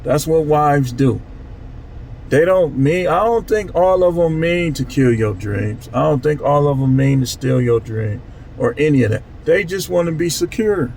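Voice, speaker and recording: A man's voice: a little high, animated, unhurried, creaky, a little mellow, a little hiss or hum, rough recording. A man talking casually to his channel in a loose, repetitive street-talk way. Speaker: channel host. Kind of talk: casual monologue vlog.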